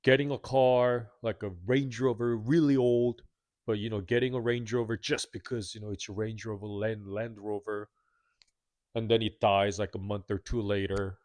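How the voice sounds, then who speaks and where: A man's voice: on the low side, little pitch movement, normal speed, a little mellow, dry recording. A man in his thirties giving a candid, self-critical, earnest confessional monologue to his viewers. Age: 30s. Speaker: vlogger.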